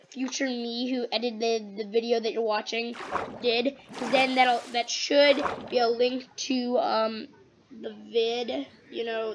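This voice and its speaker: A woman's voice: fairly high pitch, noisy background. A female gameplay host chatting casually and rambling to herself as she crafts. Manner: rambling, talks to self while crafting. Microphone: computer microphone. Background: television playing in the house.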